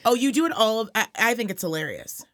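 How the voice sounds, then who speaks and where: A young woman from Reno co-hosting a podcast in casual chat, talkative and quick to swear and laugh. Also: on the high side, big pitch swings, a bit bright. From Reno, Nevada. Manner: chatty, swears freely, laughs often. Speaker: podcast co-host.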